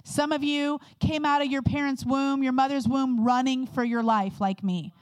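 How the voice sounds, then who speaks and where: A woman delivers a sermon as a guest speaker, talking candidly and conversationally with quick asides. Her voice sits fairly high, and the sound is dry and close with little room around it. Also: fairly even intonation, no room sound.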